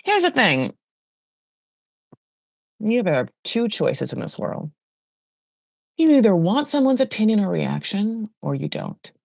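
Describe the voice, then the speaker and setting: A woman hosting a podcast, recapping a reality show in a chatty, gossipy way with animated asides. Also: medium pitch, unhurried, creaky, pauses often, dry recording, clean studio sound. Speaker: podcast host. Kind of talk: casual pop-culture recap.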